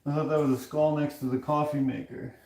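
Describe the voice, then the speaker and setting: A man hosts a casual stream from his kitchen, reading chat and telling rambling stories full of fillers. His fairly high voice is steady, brisk, creaky and somewhat dark, and the room is echoey.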